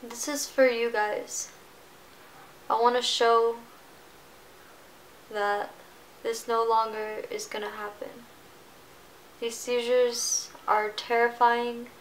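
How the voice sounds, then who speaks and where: A woman in her twenties speaks to camera in a fairly high voice, halting and emotional, often breaking off and starting over. A faint hum sits under the recording. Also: level tone, rough recording. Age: 20s. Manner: halting, emotional, many restarts. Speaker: vlogger. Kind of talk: personal vlog confession.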